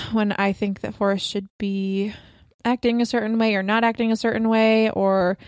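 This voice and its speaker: A woman's voice: mid-range voice, level tone, moderate pace, dry recording, clean studio sound. A woman in her twenties chatting as a podcast co-host, rambling with lots of fillers and laughs. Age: 20s. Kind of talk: casual chat.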